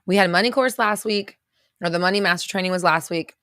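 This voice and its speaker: A woman's voice: on the low side, fast talker, a bit bright, dry recording, studio quality. A woman hosting a casual livestream, greeting viewers by name and reading out their comments in a chatty way. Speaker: livestream host.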